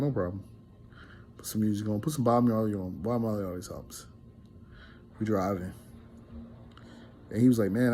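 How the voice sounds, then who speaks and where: A man's voice: medium pitch, a little mellow, a little hiss or hum. A man casually telling a story to his viewers, rambling and earnest, with many restarts. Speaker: relationship vlogger.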